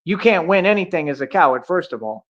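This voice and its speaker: A man's voice: on the high side, animated, quick pace. A man ranting on a livestream, confrontational and taunting, with heavy street slang. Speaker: streamer. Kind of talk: livestream rant. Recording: dull lo-fi audio.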